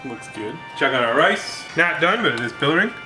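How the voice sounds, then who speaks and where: Rambling while he cooks, a cooking show host keeps his casual vlog laid-back and jokey. His voice is a little high, very animated and sharp, running a little fast over roomy sound and background music.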